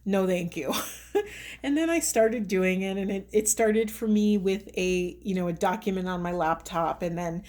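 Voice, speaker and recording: A woman giving a spiritual reading, talking in a gentle, reflective, rambling way. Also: medium pitch, moderate pace. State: emotional, voice rising. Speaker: tarot reader.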